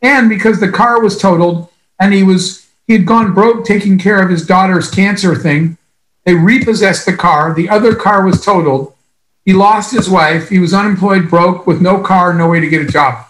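A man's voice: high-pitched, a bit bright, reverberant, poor audio. Earnest man giving a motivational speech. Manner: earnest, emphatic storytelling with long pauses. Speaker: speaker at a business event.

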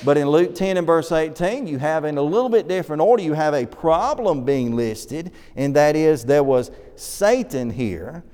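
A man preaching a sermon in a church, teaching quickly through Bible passages and reading scripture aloud. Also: fairly high pitch, animated, warm tone, smooth. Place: church auditorium. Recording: long reverb of a church hall.

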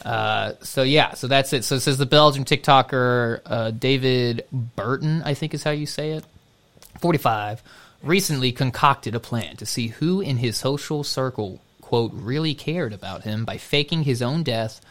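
A relaxed man co-hosting a casual podcast chat. He reads a news story out loud, stumbling over fillers and breaking into laughter and asides. His voice sits at a middling pitch. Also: moderate pace. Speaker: podcast co-host.

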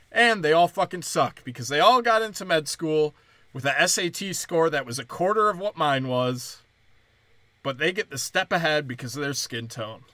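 A man's voice: a little high, a bit bright, no room sound. A man hosting a podcast and delivering a sarcastic, profane, mocking comedic rant.

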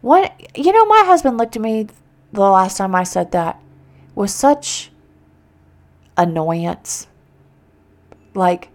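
A woman's voice: mid-range voice, lively intonation, takes it slowly, long pauses. A woman hosting a podcast, giving earnest, faith-filled encouragement in a motivational talk. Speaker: podcast host.

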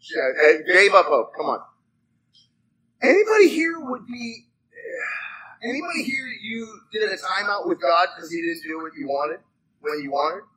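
Lively high-voiced man preaching a sermon. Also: normal speed, husky, low-quality recording. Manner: animated, conversational, asks the congregation questions; swings from loud dramatic reading to soft asides.

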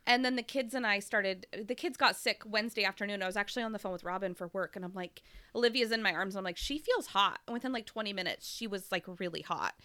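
A woman's voice: mid-range voice, fast talker, pushed and bright, smooth. A woman in her thirties, congested from a cold, chatting casually as a podcast co-host and telling long rambling stories with frequent laughter. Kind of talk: casual chat.

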